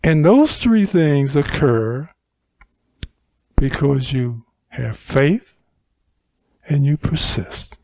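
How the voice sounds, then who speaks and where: A man teaching a Buddhist dharma talk at a retreat center, unhurried and emphatic, repeating phrases to drive points home. His pitch swings widely and sits a little high for a man. The sound is dry and close. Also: animated, a little mellow, no room sound.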